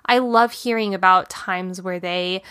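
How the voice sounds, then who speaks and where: Young woman chatting on her podcast, bright voice, dry close mic, lots of likes and ums. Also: on the low side, fairly even intonation, unhurried, clean tone, dry recording. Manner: chatty and candid, many fillers and "like"s; self-deprecating with frequent laughs. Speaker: podcast host. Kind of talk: casual solo podcast talk. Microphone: podcast microphone.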